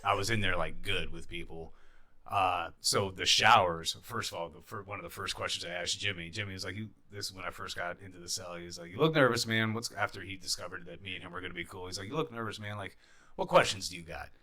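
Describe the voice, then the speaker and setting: A young man with a low but bright, forceful voice tells stories as a podcast guest. His talk is casual and lively, and he swears freely. He acts out the people in his stories as he goes. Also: quick pace, creaky. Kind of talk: casual storytelling.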